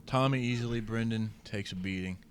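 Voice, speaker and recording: Low-voiced male co-host, steady plot recapper, slight background hiss. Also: brisk. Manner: calm, recaps plot in detail. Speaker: podcast co-host. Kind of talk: casual movie discussion.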